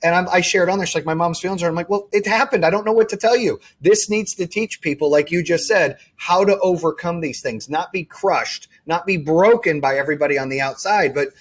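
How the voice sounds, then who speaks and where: A man's voice: on the high side, fairly quick, hardly any pauses, husky. A man hosting a podcast, chatting casually and earnestly with frequent restarts. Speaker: podcast host. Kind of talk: casual interview chat.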